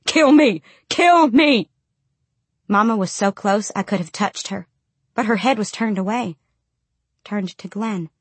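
A woman narrating an audiobook in the first person, quiet and subdued. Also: mid-range voice, fairly even intonation, normal speed, slightly rough, no echo.

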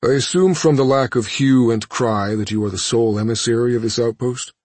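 A man voicing a cold, calculating alien warlord who speaks in measured, condescending phrases. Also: medium pitch, darkish tone, no echo, voice pushed up, close to an everyday voice.

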